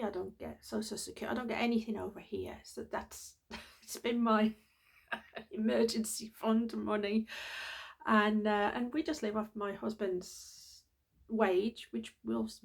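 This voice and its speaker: A woman's voice: mid-range voice, gravelly. A middle-aged woman vlogging, telling a personal story in an earnest, heartfelt, rambling way.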